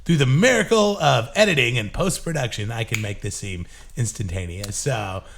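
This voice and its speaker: A man hosting a podcast, chatting casually with a guest and cracking quick jokes between filler words. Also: mid-range voice, gravelly, fairly bright tone, a little hiss or hum. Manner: jokey, quick quips, trails off with fillers. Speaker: podcast host. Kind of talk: casual interview chat.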